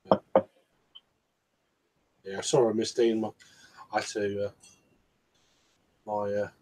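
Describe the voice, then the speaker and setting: A man with a young daughter, joining a live stream chat and talking in a quiet, halting, apologetic way. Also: on the low side, level tone. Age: adult with a child. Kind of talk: casual chat between friends.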